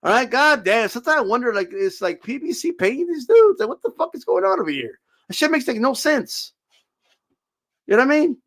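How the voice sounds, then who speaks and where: A man's voice: extremely high pitch, sing-song, a little fast, a bit bright. A man giving a profane, sarcastic boxing rant, mocking critics and cutting them off. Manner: profane, sarcastic, mocks critics in put-on voices. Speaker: boxing commentator. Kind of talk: ranting commentary.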